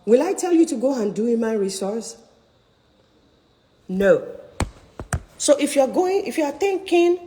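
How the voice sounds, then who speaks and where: A woman's voice: fairly high pitch, big pitch swings, normal speed, pauses often, mellow, big-room sound, slight background noise, low-quality recording. A middle-aged woman career coach giving an emphatic, persuasive online talk with a preacher-like drive.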